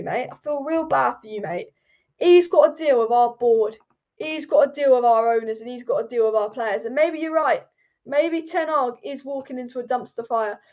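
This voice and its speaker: High-pitched excitable woman, rambling live fan host, dull lo-fi stream audio. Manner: excitable, rambling, repeats herself. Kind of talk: live fan commentary chat. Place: sitting at home.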